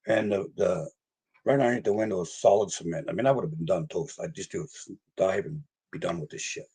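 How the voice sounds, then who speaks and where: A man's voice: deep voice, quick pace, mellow, husky. An older man, a paranormal investigator, telling personal stories in a rambling, casual way and acting out other people's voices. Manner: rambling, laughs often, acts out voices in his story. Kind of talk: casual storytelling interview.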